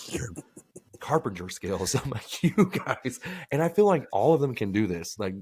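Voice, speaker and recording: A man's voice: medium pitch, animated, fairly quick, a little mellow. A man co-hosting a podcast, telling rambling, profane stories in casual chat. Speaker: podcast co-host.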